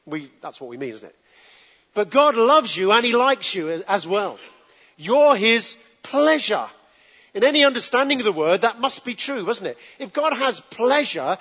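A man with a fairly high voice preaches a sermon to a live congregation, chatty and direct, coaxing them to repeat words after him. The sound is dull and lo-fi, and his voice rings with a long hall reverb. He keeps it loose and conversational rather than grand. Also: very animated, moderate pace, fairly bright tone, breathy edge. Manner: conversational, asks the congregation to answer back.

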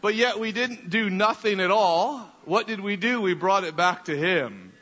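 A high, bright male voice delivers an animated sermon story and often doubles back on his words. The sound rings with the long echo of a hall and has a dull, lo-fi tone. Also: a little slow, slight background noise. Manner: animated, repeats words while telling a story. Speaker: preacher.

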